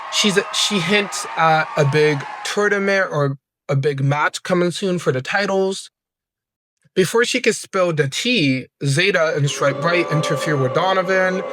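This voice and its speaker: A man recapping wrestling episodes in a casual, excitable, slangy way, acting out the wrestlers' lines as he goes. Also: on the high side, slight background noise. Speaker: wrestling review host.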